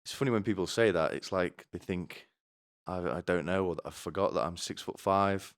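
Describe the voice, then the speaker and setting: A man with a very deep, low voice tells a rambling comic story. His delivery is deadpan and crude, full of asides. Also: moderate pace, smooth. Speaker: comedy vlogger.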